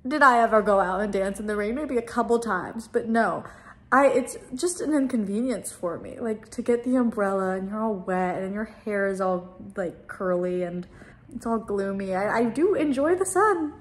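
A young lifestyle vlogger rambles to the camera at home indoors, chatty and full of fillers. Her voice is a little high, at a normal speed.

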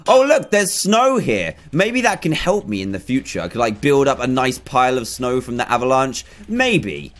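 Young guy playing a game, high lively voice, yelps and groans, faint music behind. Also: moderate pace, slight background noise. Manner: excitable, exclaims and groans at failed jumps. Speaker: gaming YouTuber. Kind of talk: let's play commentary.

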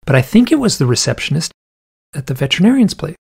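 A man's voice: fairly high pitch, very animated, quick pace, vocal fry, a little mellow, slightly rough. A man, an interview guest, telling a story in a casual, rambling way with lots of "like" asides, acting out the voices of the people in it. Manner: acts out the quoted voices in the story.

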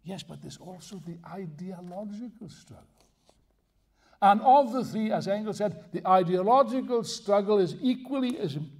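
A man's voice: sits high, expressive, normal speed, darkish tone. An older man giving a live lecture to an audience, emphatic and digressive, with wry asides and jokes. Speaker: speaker at a political festival.

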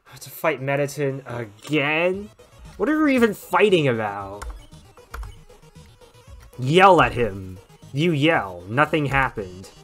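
A man's voice: medium pitch, big pitch swings, a little slow, a bit bright, faint music behind. A man giving casual gameplay commentary with wry, sarcastic asides. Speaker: let's play gamer.

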